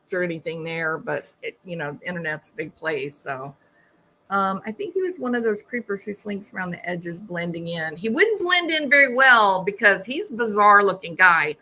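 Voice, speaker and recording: Casting: middle-aged woman, bright voice, wry and chatty live-stream host. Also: lowish voice, lively intonation, moderate pace, slight background noise. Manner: wry, chatty, laughs at her own jokes. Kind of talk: casual live-stream chat reading comments.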